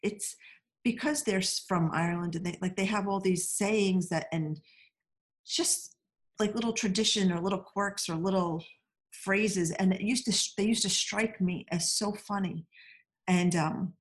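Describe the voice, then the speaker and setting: A woman's voice: medium pitch, measured pace. A woman in casual chat, telling stories with lots of restarts and laughter. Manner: chatty storyteller, warm laughs, many restarts.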